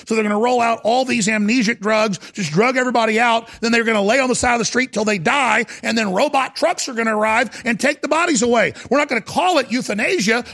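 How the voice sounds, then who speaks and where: Fiery male commentator with a raised, gravelly voice; urgent, repetitive rant. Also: extremely high pitch, a bit bright. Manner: ranting, urgent, repetitive and dramatic. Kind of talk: impassioned monologue.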